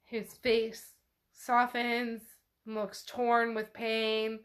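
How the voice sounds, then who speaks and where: A woman with a fairly high voice hosts a podcast and retells a novel casually. She talks in a chatty, profane way, filling her sentences with "like." Her tone is loose and conversational. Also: flat delivery, slow, a bit bright. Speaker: podcast host. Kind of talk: casual book recap chat.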